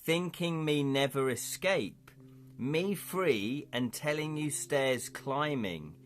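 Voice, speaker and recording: A man voicing a simple-minded, friendly male hobgoblin who speaks in broken, halting sentences. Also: fairly high pitch, expressive, a little hiss or hum. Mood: earnest. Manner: broken pidgin grammar, slow halting delivery.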